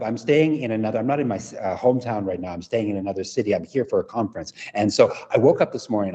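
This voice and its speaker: A man's voice: mid-range voice, dark tone. A man presenting an interactive workshop for English teachers, demonstrative and often checking in with the audience. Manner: demonstrative, keeps checking in with "right?". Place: conference venue away from home. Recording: echoey hall, dull lo-fi sound.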